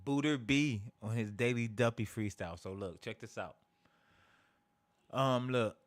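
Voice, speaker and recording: A man's voice: mid-range voice, unhurried. American male streamer, casual rambling reaction commentary. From United States. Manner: loose, rambling, heavy filler "like" and "bro". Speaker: streamer reacting to rap videos.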